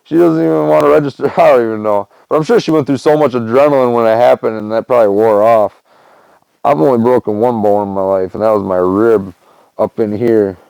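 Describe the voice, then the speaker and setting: A young man with a gravelly, creaky edge tells a long personal story as a podcast host. He rambles loosely and leans on fillers. The sound is dry and close, with no room around him. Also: mid-range voice, a little fast, a little mellow, no echo, rough recording. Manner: rambling, loose, lots of "man" and "you know". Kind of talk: casual storytelling monologue.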